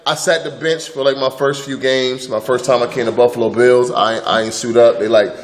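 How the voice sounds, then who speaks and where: A middle-aged man telling lively stories as an interview guest, acting out quotes loudly with sound effects and laughter. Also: mid-range voice, fairly quick. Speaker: guest, former pro football player. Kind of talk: animated storytelling interview.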